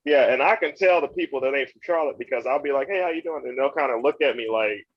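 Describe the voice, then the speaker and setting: A man's voice: medium pitch, quick pace, husky, lo-fi sound. A man from North Carolina with a Southern accent, hosting a casual chat and repeating words as he talks. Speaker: host.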